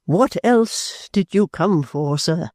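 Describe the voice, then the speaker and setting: A reader voicing a proud, touchy elderly gentleman, pompous and slow, stalling on "ah" between stern phrases in a storybook reading. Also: mid-range voice, lively intonation, no room sound, clean studio sound, pitched above the performer's own voice. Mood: furious. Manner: pompous, hesitant "ah" fillers, slow stern speech.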